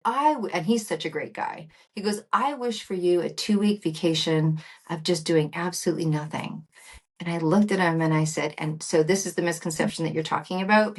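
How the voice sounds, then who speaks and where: Woman in her fifties, lowish voice, animated storyteller, interview guest. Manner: animated storytelling, acts out quoted dialogue. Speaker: guest entrepreneur. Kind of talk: interview conversation.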